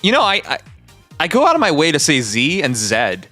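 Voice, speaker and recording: A Canadian livestreamer chatting casually, animated and mock-indignant, swearing freely. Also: mid-range voice, brisk, soft background music. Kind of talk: casual live-stream chat.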